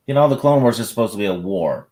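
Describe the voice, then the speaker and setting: Very deep-voiced blunt man. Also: expressive, quick pace, a little mellow. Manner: blunt, dry, hesitant with many fillers. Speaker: podcast co-host. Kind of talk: casual live-stream chat.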